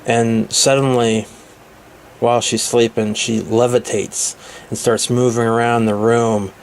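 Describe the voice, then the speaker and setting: A man retelling a movie's plot in a casual review, halting often with filler pauses. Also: medium pitch, little pitch movement, a little hiss or hum. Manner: hesitant, many filler pauses.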